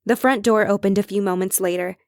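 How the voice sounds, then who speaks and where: A woman reading an audiobook in measured, even scripted narration. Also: mid-range voice, no echo, clean studio sound.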